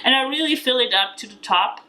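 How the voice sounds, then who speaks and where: A woman's voice: high-pitched, animated, a little fast, sharp tone, a little hiss or hum, rough recording. A woman with an Austrian accent giving a casual, chatty cooking demonstration in a home kitchen, with many fillers and frequent laughs. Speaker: home cook demonstrating a recipe.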